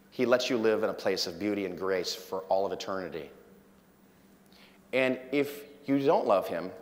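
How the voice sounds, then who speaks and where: Man joking on stage in a reverberant hall. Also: on the low side. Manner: animated, joking storyteller. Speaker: conference speaker. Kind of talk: conference talk to a live audience. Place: large conference hall. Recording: long hall reverb from a lecture hall.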